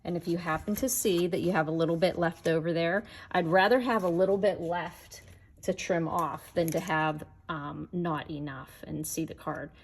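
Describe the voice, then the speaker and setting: Chatty woman with a gravelly low voice. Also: fairly even intonation, moderate pace. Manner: chatty, talks to viewers while working. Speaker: card-making demonstrator. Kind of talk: casual crafting tutorial.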